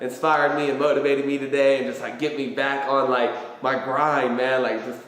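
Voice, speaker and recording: A man's voice: medium pitch, flat delivery, moderate pace, fairly bright tone, a little hiss or hum. A man giving a casual livestream pep talk as a motivational vlogger, rambling with lots of fillers and free swearing. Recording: very echoey room with long reverb.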